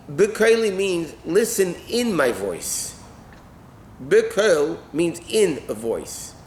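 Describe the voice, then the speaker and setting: A rabbi with a somewhat high voice leads a class, translating and explaining each phrase in turn and checking in with "okay?" along the way. He sounds like he is in a roomy, echoing classroom, with faint background noise under the talk. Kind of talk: text-based Torah class. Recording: echoey room with faint ambient noise.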